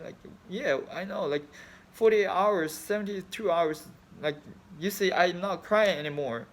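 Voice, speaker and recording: A man's voice: high voice, lively intonation, measured pace. Grieving Chinese-accented man in his thirties. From China. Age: 30s. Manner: grieving, rambling, swears often, broken English. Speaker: fan. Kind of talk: emotional personal vlog.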